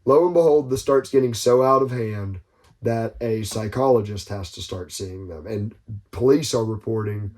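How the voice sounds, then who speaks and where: Profane, animated podcast storyteller man. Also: on the low side. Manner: loose, profane storytelling with quick asides. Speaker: podcast co-host. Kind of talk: casual podcast banter.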